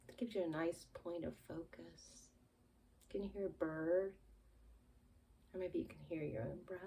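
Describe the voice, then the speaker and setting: A woman leading a gentle relaxation lesson for small children, talking softly, sighing and yawning, and often dropping to a whisper. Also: on the low side, steady tone, slightly rough. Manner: slow, soft, sighing and yawning, drifting into whispers. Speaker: children's calm-time presenter.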